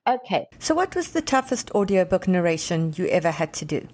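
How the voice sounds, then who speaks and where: A woman's voice: lowish voice, big pitch swings, fairly quick, a little mellow. A woman hosting an interview, speaking conversationally and openly moved. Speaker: host. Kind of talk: interview chat.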